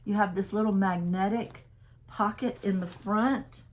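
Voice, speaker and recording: A woman's voice: medium pitch, steady tone, a little slow. A woman, chatting and laughing to her viewers as she shows and prices purses she resells. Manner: chatty, laughs often, talks straight to viewers. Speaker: resale seller. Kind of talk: casual sales haul vlog.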